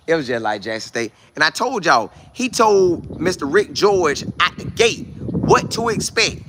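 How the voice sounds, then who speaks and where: A man's voice: on the high side, moderate pace, a little hiss or hum. A man hosting a casual livestream, talking animatedly and reading out chat messages. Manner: animated, reads and answers chat. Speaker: livestream host.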